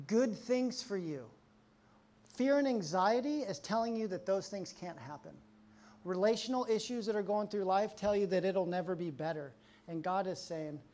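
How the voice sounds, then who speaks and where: Animated storytelling male pastor. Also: high voice. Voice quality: conversational, animated storyteller acting out quotes. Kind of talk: sermon.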